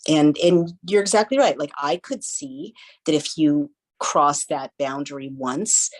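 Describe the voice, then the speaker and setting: A woman speaks in a low, full voice as a podcast guest. She tells her stories animatedly and briefly plays the people she quotes. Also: unhurried, low-quality recording. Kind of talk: casual interview conversation.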